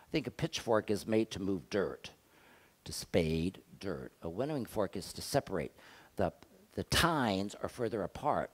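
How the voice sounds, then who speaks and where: Low-voiced older pastor preaching. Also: male voice, lively intonation, a little slow, husky. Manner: conversational preaching with rhetorical questions, shifting loud and soft. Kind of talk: sermon.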